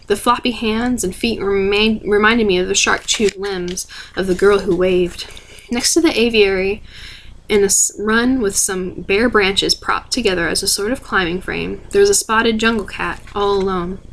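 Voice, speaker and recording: A woman reading a novel aloud in a soft, steady ASMR voice. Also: medium pitch, normal speed, slight background noise. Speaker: reader.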